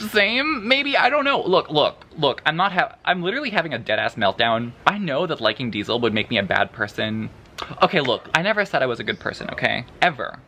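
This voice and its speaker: Bright-voiced animated male book vlogger. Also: mid-range voice. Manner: animated, dramatic, crude, laughing asides. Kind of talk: casual spoiler book review vlog.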